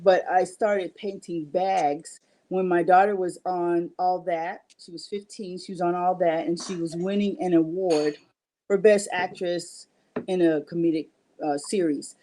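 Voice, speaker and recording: Middle-aged woman artist, warm low voice, chatty and rambling livestream seller. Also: steady tone, unhurried. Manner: chatty and rambling, with frequent restarts. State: out of breath. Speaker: artist selling her work on a livestream. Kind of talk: casual livestream sales talk.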